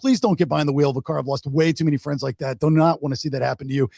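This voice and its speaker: A man's voice: a little high, very fast, creaky, warm tone, no echo, clean studio sound. A man hosting a podcast in casual chat, laid-back and plain-spoken as he wraps up the show. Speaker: podcast host.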